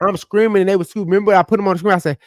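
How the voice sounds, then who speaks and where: A man telling a story in casual podcast chat, loud and profane, animated, with sudden drops to mutters. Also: high voice, rapid-fire, no room sound, studio quality. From United States.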